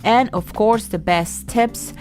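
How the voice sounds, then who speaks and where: A woman's voice: mid-range voice, takes it slowly, a little mellow, soft background music. A woman with an accent, co-hosting a podcast and speaking frankly and playfully. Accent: non-native English. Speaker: podcast host, social media and branding strategist. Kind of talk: casual co-hosted podcast chat.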